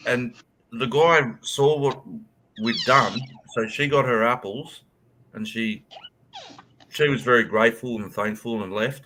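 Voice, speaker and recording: A man in casual chat, earnest and quick to agree, who swears offhandedly while telling his own story. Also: mid-range voice, sharp tone, a little hiss or hum.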